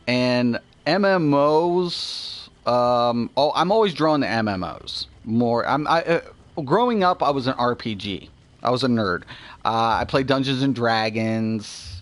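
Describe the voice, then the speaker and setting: A middle-aged man hosting a gaming video, chatting casually about games as he plays, rambling and swearing a lot with animated asides. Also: mid-range voice. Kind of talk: casual gameplay commentary.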